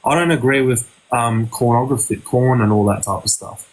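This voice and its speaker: A man's voice: medium pitch, normal speed, rough recording. A man chatting on a live stream in an earnest, laid-back way, with many fillers. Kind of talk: casual chat.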